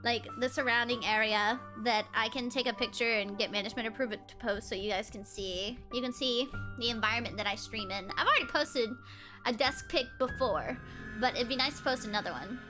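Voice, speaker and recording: A woman's voice: on the high side, brisk. A young woman in her twenties streaming as a VTuber, chatting casually and giggling often. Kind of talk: casual livestream chat. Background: faint background music.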